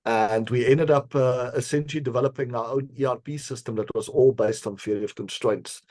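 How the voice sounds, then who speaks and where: A man being interviewed on a podcast, telling a personal story in an earnest, measured way, with frequent fillers and small laughs. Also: mid-range voice, steady tone, darkish tone, dry recording. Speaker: podcast guest, decision scientist.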